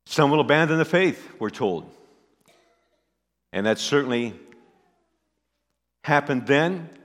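A man's voice: medium pitch, a bit bright. A male pastor preaching a sermon, emphatic, repeating his key phrases. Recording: echoey hall.

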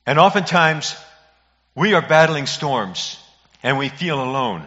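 A man, a pastor, preaching a sermon in an earnest, emphatic way with dramatic pauses. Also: on the high side, expressive, bright, forceful tone. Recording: muffled audio in a reverberant hall.

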